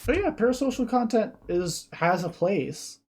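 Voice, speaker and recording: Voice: medium pitch, animated, moderate pace, a little mellow, breathy edge. A streamer giving casual reaction commentary, thinking aloud and explaining ideas at length.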